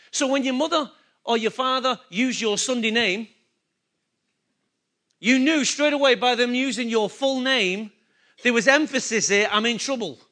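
A man preaches with lively energy. His voice sits high and rings bright. He repeats his key phrases and keeps asking the congregation questions. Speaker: pastor. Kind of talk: sermon.

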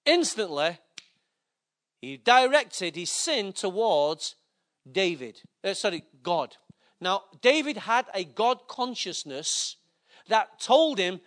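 Very high-voiced man preaching. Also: sing-song, slow, fairly bright tone. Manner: conversational, joking preaching with asides to the audience. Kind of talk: sermon.

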